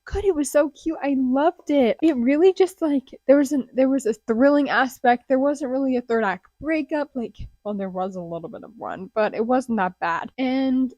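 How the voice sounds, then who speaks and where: A young woman chatting casually about books she read, gushing and dropping into excited whispers. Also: high voice, moderate pace, few pauses, no echo, lo-fi sound. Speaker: booktuber. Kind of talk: casual book review vlog. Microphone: close desk mic.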